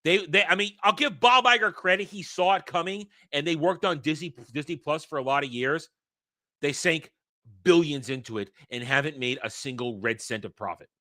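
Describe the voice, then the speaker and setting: This host's voice runs high, pushed and bright, at a moderate pace while he reads an article and rants against it. He curses, hammers the same points again and again, and keeps hiccuping through the commentary.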